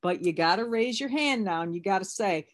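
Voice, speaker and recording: A woman's voice: medium pitch, lively intonation, a little fast. A woman leading an online recovery workshop, talking candidly and conversationally with many restarts.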